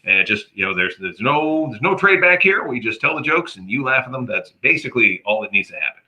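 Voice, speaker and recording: A man's voice: medium pitch, a little fast. A man from Canada, a comedian telling a story in casual chat and acting out the people in it. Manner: animated, acts out quoted voices. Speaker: comedian guest. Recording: dull lo-fi audio.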